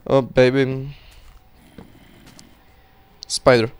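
A young man giving casual, excitable commentary while playing a game, swearing and talking to himself. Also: mid-range voice, very slow, clean tone. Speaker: gaming channel host.

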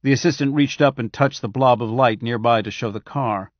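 A man's voice: mid-range voice, fairly quick, no echo. Man narrating an audiobook, dry and muffled. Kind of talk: scripted narration.

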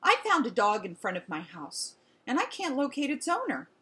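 A woman reading aloud and voicing a kind, motherly woman who takes in a lost dog, speaking gently and sweetly. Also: high-pitched, wildly swooping pitch, moderate pace, voice pushed up, heavily acted. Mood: businesslike. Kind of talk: storybook read aloud.

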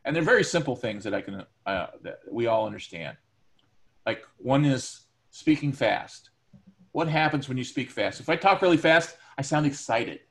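A man's voice: mid-range voice, lively intonation, moderate pace. A male teacher giving a recorded lecture to his students, talking conversationally with everyday examples and frequent ums and uhs.

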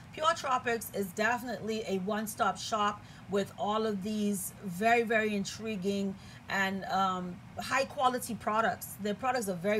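Woman from the Caribbean, mid-pitched, chatty and eager, casual unboxing review, faint background noise. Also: bright, forceful tone. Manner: chatty, enthusiastic, repeats phrases with "okay?". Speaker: product reviewer.

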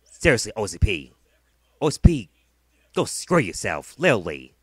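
A man's voice: on the low side, sing-song, moderate pace, a bit bright, husky, dry recording. A man delivering a heated, profane vlog rant, often repeating himself. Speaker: vlogger. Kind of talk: angry ranting vlog.

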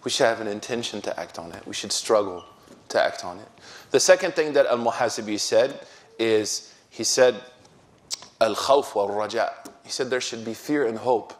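Laid-back, slangy preacher. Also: male voice, mid-range voice, normal speed. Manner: relaxed, slangy, often laughing. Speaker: imam. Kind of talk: casual sermon storytelling.

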